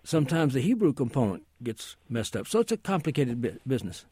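A man's voice: mid-range voice, big pitch swings, brisk, dark tone, husky. Rambling, hesitant man explaining on radio. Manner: rambling, many hesitations and asides. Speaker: guest language expert.

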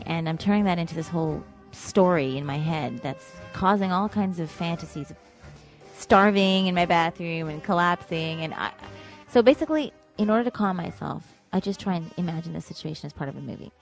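Low-voiced woman telling a dramatic story. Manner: vivid, dramatic, ranging from hushed to loud. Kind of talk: first-person storytelling.

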